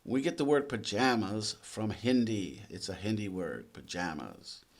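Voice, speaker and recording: A man teaching English. He asks the viewer quiz questions, then explains the answers in a relaxed, conversational way. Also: lowish voice, measured pace. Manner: relaxed and conversational, with small restarts. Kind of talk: explanatory lesson narration.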